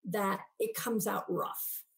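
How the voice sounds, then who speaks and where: A woman's voice: medium pitch, fairly even intonation, slow, vocal fry, low-quality recording. A woman guest on a podcast interview, explaining ideas animatedly and acting out everyday voices as she goes.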